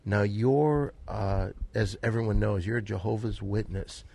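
A man's voice: fairly low pitch, a little slow, gravelly, warm tone. A man co-hosting a podcast, bossy and steering the crude casual banter. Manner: bossy, keeps steering the talk. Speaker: podcast co-host.

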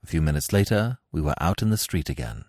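A man giving scripted narration of a classic tale in a measured, expressive way. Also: very deep voice, dry recording, studio quality. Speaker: audiobook narrator.

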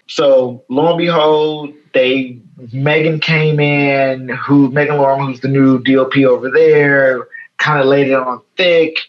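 A man in his thirties from Chicago, a guest in a casual interview, telling a story in a lively way and acting out the lines of other people. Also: mid-range voice, slow, lo-fi sound. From Chicago, USA. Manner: animated, acts out quoted dialogue. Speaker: guest photo editor.

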